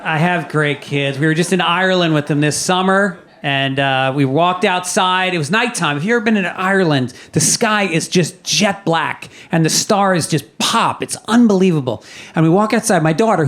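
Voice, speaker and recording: A man's voice: fairly high pitch, lively intonation, normal speed, fairly bright tone. A middle-aged man doing stand-up, telling exasperated stories as a father. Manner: exasperated dad storytelling, rising outbursts. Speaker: stand-up comedian. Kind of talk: stand-up routine.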